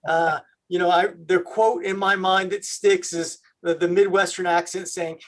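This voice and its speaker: Man, high voice, video call host, halting, lots of fillers. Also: fairly even intonation. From Canada.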